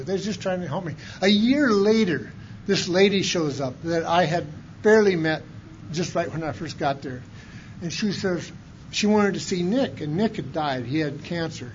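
High-voiced man telling his recovery story. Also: dull audio, a little hiss or hum. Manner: folksy, colloquial storytelling, swinging from loud to hushed. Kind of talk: personal recovery testimony.

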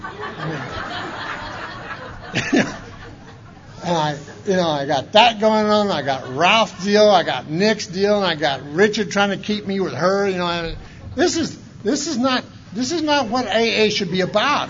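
High-voiced man telling his recovery story. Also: lively intonation, normal speed, highs cut off, noisy background. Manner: folksy, colloquial storytelling, swinging from loud to hushed. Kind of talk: personal recovery testimony.

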